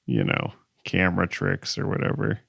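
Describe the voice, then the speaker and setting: A man with a gravelly, slightly low voice chats on a podcast. His pitch moves in a lively, animated way as he adds wry remarks. The sound is dry and close. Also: moderate pace, dry recording. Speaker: podcast co-host. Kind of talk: casual podcast chat.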